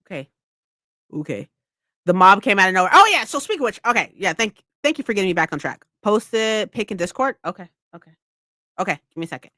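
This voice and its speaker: Animated, foul-mouthed woman ranting. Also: mid-range voice, fast talker, no room sound, studio quality. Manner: laughs often. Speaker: book club streamer. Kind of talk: casual live-stream book chat.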